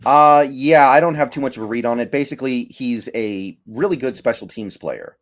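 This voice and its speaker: A man's voice: mid-range voice, normal speed. A man co-hosting a casual sports podcast, giving matter-of-fact analysis. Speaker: podcast co-host.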